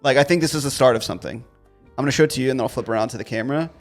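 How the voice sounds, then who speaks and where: A man's voice: medium pitch, rapid-fire, soft background music. A man with a Baltimore accent co-hosting a casual podcast, telling rambling stories full of fillers. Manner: rambling storyteller, many fillers. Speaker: podcast co-host. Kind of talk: casual chat.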